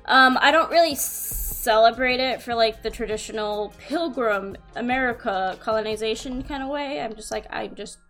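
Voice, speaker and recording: A woman's voice: a little high, normal speed, hardly any pauses, a bit bright, soft background music. A woman co-hosting a casual group chat, teasing her friends in a playful way. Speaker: co-host.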